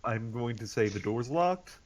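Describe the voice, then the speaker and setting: A man's voice: medium pitch, lively intonation, unhurried, a little mellow, a little hiss or hum. A man playing a tabletop game, explaining his moves in a dry, matter-of-fact way. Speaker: player. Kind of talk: casual tabletop play.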